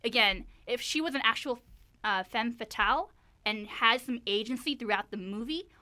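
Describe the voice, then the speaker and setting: Bright, animated woman recapping a film. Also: on the high side, moderate pace. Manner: animated, many "like" and "you know" fillers. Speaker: podcast co-host. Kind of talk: casual chat recapping a film.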